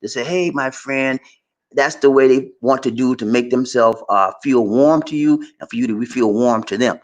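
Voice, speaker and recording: An American man giving casual advice in a vlog, telling animated stories and laughing often. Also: mid-range voice, brisk. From United States. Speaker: vlogger.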